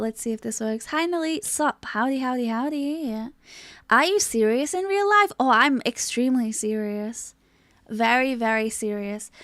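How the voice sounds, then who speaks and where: A young woman is live streaming with a dry, studio-quality recording. She chats casually and rambles in a bubbly way, swearing here and there, and greets her viewers with high excitement.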